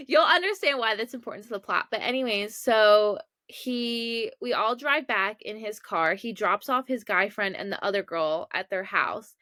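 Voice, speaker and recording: She's a young adult podcast host from Maryland who tells a casual story with a chatty, self-mocking style and many asides. The mid-range voice comes across pushed and bright, in studio-quality audio without room sound.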